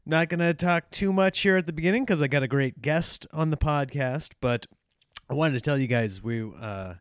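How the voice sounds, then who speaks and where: Animated podcast host with crisp voice. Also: male voice, normal speed, no echo, clean studio sound. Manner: animated, laughing, mimicking others in high voices. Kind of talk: casual storytelling monologue.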